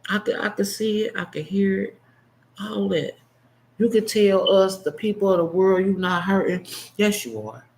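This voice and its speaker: A man in his fifties speaks straight to camera in an unscripted monologue. His voice sits a bit higher than most men's. He is blunt and impassioned, flaring into heated outbursts, then dropping to hushed, choked-up asides. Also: fairly even intonation, moderate pace, gravelly, a little hiss or hum, low-quality recording. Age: 50s. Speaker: vlogger.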